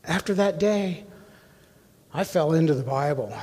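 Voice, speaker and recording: A man's voice: on the high side, a little slow, long pauses, darkish tone, husky, long reverb tail. A man giving an earnest, emotional personal testimony to a congregation in a church. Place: church sanctuary.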